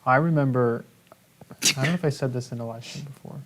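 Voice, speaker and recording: A man's voice: mid-range voice, fast, fairly bright tone, slight background noise. A man co-hosting a livestream in casual chat, reading viewer comments aloud and bantering playfully.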